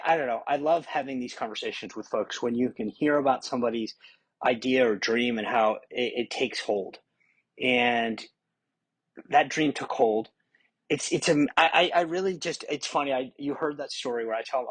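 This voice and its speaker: A middle-aged man hosting a casual podcast interview, animated, laughing often and restarting his sentences. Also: medium pitch, breathy edge, dry recording. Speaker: podcast host. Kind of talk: casual interview with rapid-fire questions.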